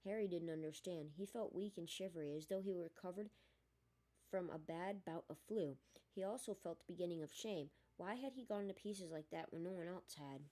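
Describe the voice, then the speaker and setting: A woman reading a novel aloud in a steady storytelling manner. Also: on the low side, a little fast. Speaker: audiobook reader. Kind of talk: storybook narration.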